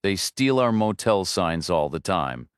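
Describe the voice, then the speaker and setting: Brief: man playing an apologetic motel man, low, smooth explainer. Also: sing-song, a little slow, no echo, studio quality. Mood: explanatory.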